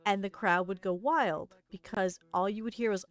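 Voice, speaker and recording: A woman's voice: medium pitch, normal speed, faint music behind. A woman streamer chatting casually, telling stories while she paints and acting out the lines of the people in them. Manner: animated, acts out quoted lines.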